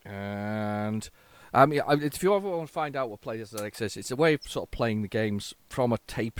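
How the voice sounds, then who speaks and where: A man hosting a casual retro-computing video, chatting in an excitable, rambling and self-mocking way. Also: medium pitch, no echo. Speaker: host.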